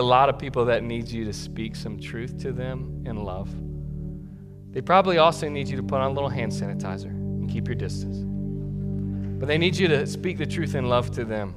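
A man's voice: medium pitch, normal speed, in a large hall, music in the background. A male pastor preaching a sermon in a conversational way that builds to emphatic peaks. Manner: conversational, warm asides, rising to emphatic peaks.

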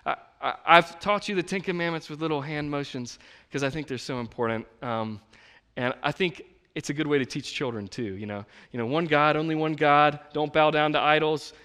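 A man in his thirties preaching a sermon in a conversational, animated way, acting out the voices of the people he quotes. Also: fairly high pitch, brisk, smooth. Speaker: pastor. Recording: long reverb of a large hall.

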